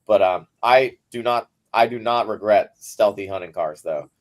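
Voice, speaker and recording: A man's voice: lowish voice, moderate pace. A man, a podcast guest, telling a casual story in a rambling way, full of "like" fillers. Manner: rambling, heavy use of "like" fillers.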